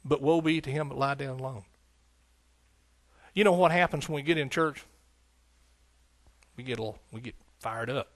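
Long pauses punctuate a pastor's sermon, delivered at normal speed in a mid-range voice on a dry recording. In the church sanctuary, he talks to his congregation in a folksy, conversational way, working up to emphatic passages quoting scripture.

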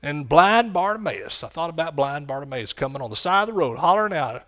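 Guy preaching, kinda high voice, gets loud then drops way down. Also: very animated, a little fast, few pauses. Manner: impassioned, rising to shouts and dropping low. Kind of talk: sermon.

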